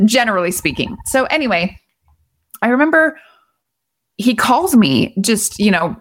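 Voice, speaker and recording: A middle-aged woman talking as a guest in a relaxed, thoughtful conversation. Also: medium pitch, a little slow. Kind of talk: casual conversation.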